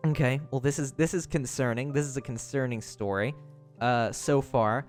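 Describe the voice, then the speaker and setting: A man's voice: medium pitch, normal speed, soft background music. A young man livestreaming, telling a story in casual chat, rambling with lots of fillers and restarts.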